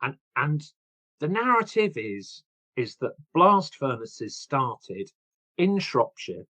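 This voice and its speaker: A man in his sixties, an author guest, telling his story in an animated, chatty way and laughing at himself. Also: mid-range voice. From England. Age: 60s. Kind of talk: casual interview chat.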